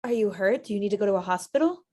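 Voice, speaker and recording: A woman reading the part of an exasperated ex-wife in an amateur script table read, sharp and then quietly worried. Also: medium pitch, animated, racing, close to an everyday voice.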